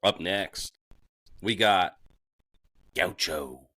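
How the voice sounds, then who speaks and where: A man co-hosting a podcast, reading sponsor shout-outs in a crude, joking way with plenty of swearing. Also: sits low, extremely slow. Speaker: podcast co-host.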